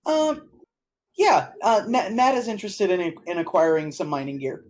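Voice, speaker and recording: A player in a tabletop game, speaking hesitantly with many pauses and ums. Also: medium pitch, big pitch swings. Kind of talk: casual game chat.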